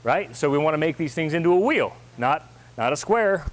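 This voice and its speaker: A man's voice: a little high, animated, a little hiss or hum. Man calling counts in a class. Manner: calls counts, brisk encouraging cues. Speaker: martial arts instructor.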